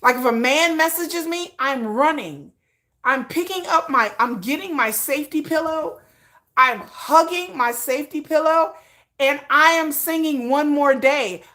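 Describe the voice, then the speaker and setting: A woman chatting on her livestream with a bright, forceful voice pitched a little high. She talks in a dramatic, animated way, leaping up to exclamations and dropping down to low mutters. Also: measured pace. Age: adult parent. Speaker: YouTube channel host. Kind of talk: casual livestream chat.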